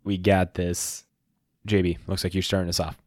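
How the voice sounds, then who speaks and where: A man's voice: low voice, little pitch movement, moderate pace, a little mellow, no room sound, studio quality. A man co-hosting a casual podcast, teasing and goofy. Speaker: podcast co-host. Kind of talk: casual chat.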